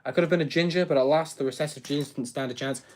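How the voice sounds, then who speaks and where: A man's voice: on the high side, quick pace, darkish tone, a little hiss or hum. A young man chatting casually on a live stream while he builds, rambling, reacting to chat and tripping over his words.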